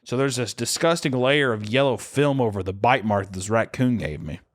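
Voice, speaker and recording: A man's voice: medium pitch, moderate pace. A drunk man telling a story as a podcast co-host, profane and rambling. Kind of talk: casual comedic storytelling.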